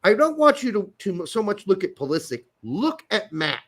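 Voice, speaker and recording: Male podcast host, lively swooping pitch, emphatic, repetitive, swears a lot, casual soccer chat. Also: normal speed.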